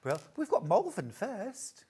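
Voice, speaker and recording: A woman's voice: mid-range voice, huge pitch swings, slow pace, dark tone, slightly rough. A woman presenting on a sewing show, playful and bubbly, who reads out viewer messages. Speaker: shopping channel presenter. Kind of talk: casual live presenting chat.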